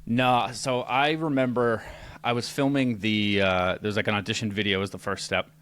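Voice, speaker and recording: A man with a fairly low voice, chatting as a podcast guest. He talks loosely and easily, filling gaps with casual fillers. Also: fairly even intonation, normal speed, a bit bright, smooth. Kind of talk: casual interview chat.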